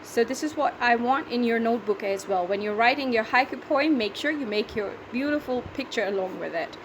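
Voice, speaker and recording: A woman's voice: fairly high pitch, fairly quick, slight background noise, rough recording. A woman teacher with a Pakistani English accent, patiently explaining a poetry lesson step by step and counting syllables aloud.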